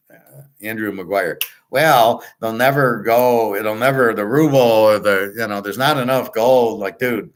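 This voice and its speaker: This man's voice sits on the low side with a bit of brightness. A sports betting and markets commentator, he gives a blunt, profane ranting monologue on markets, frequently restarting and trailing off.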